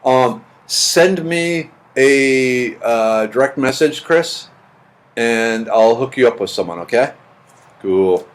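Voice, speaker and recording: A man's voice: mid-range voice, lively intonation, takes it slowly. Chatty rambling middle-aged man. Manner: chatty, rambling, repeats words. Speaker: livestream host reading chat. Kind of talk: casual chat.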